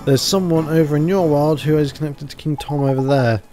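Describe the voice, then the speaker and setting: A man gives voice to a small, cheeky fairy sidekick who chatters in a folksy, chummy way and keeps tagging questions onto his remarks. The voice sits slightly high. Soft game music runs quietly behind him. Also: steady tone, fairly quick, close to an everyday voice. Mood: chatty.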